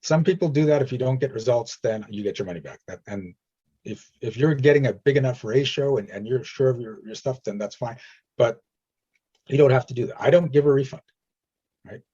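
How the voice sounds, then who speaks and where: Man coaching in a husky voice. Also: medium pitch, a little fast, warm tone, dull audio. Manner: direct, reassuring, retells stories with quoted voices. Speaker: energy healing coach. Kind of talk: coaching session.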